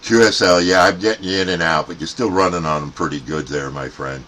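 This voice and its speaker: A man from the United States, chatty and loud when calling out, as a CB radio operator testing a radio. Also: a bass voice, steady tone, fast, slight background noise. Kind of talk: radio contact chat.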